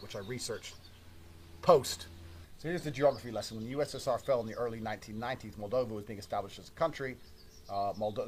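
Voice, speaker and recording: Man, fast-paced, brash, heavy swearing, casual storytelling, faint background noise. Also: mid-range voice.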